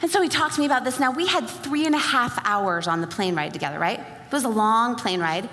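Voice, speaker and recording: A woman's voice: fairly high pitch, lively intonation, brisk, a bit bright. A woman telling a story to a live audience at a sales event, acting out both sides of a conversation with lots of energy. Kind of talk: motivational talk to a live audience. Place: large hall before an audience. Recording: live hall recording with reverb.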